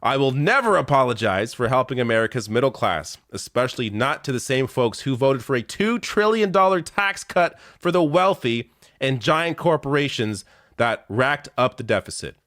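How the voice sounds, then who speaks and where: A man's voice: mid-range voice, fairly bright tone, no echo, studio quality. A man giving blunt, profane online political commentary, rattling off lists with rising, incredulous emphasis.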